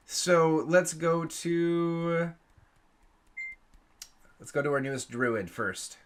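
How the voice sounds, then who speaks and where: Canadian guy dming, rambly and chatty, keeps restarting, kinda high voice. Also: extremely slow. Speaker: game master. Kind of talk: hosting tabletop game intros.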